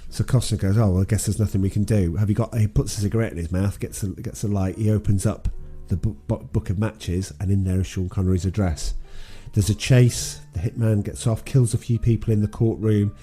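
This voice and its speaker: A man's voice: on the low side, fairly even intonation, a little fast, few pauses, mellow, soft background music. A man co-hosting a podcast, casually retelling a film plot with many ums and restarts. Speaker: podcast co-host. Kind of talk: casual film recap chat.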